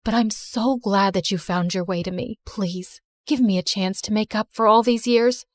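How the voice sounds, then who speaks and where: A woman voicing a tender, tearful middle-aged mother in an animated story, speaking in an emotional, pleading way. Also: mid-range voice, moderate pace, no room sound, pitched below the performer's own voice, close to an everyday voice.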